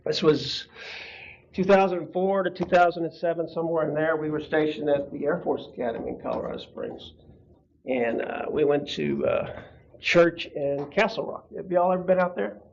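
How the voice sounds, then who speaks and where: A man in his fifties tells a personal story to a church class in a casual, conversational way, stopping to laugh and to put questions to his listeners. His voice sits a little high for a man. The recording is muffled and lo-fi. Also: normal speed, gravelly. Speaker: Bible class teacher. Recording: dull lo-fi room recording.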